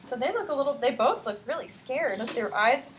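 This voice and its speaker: A woman teacher in a classroom, reading a picture book aloud to her class with an animated read-aloud voice and asking the children questions. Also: high-pitched, brisk, a little hiss or hum, poor audio.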